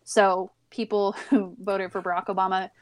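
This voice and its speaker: A woman's voice: medium pitch, level tone, moderate pace, dry recording. A woman co-hosting a podcast, explaining things in casual political chat, with hesitant restarts and occasional laughs. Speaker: podcast co-host.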